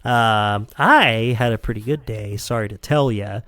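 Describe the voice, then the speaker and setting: A man's voice: lowish voice, unhurried, a bit bright, no room sound. A man hosting a podcast in casual chat, rambling with many fillers and frequent laughter. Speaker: podcast host.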